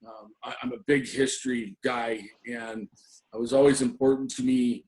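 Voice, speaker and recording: A man's voice: mid-range voice, flat delivery, moderate pace, darkish tone. A middle-aged man, a former assistant hockey coach, reminiscing in an interview with many ums and restarts. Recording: roomy echo.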